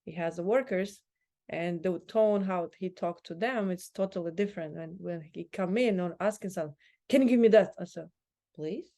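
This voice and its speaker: A woman guest, telling animated stories in a casual chat and laughing often. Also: lowish voice, creaky. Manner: animated storyteller, laughs, quick asides.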